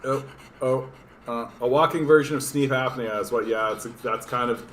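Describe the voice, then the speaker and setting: A man hosting a casual home livestream, chatting to viewers and cooing softly to his pet dog. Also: mid-range voice, level tone, moderate pace. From Canada. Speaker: livestream host. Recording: roomy echo, faint room noise.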